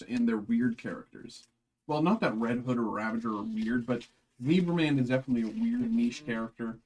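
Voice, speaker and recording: A man's voice: mid-range voice, a little mellow. Chatty man hosting a card break. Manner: chatty, rambling, lots of fillers. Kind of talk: live stream card break chat.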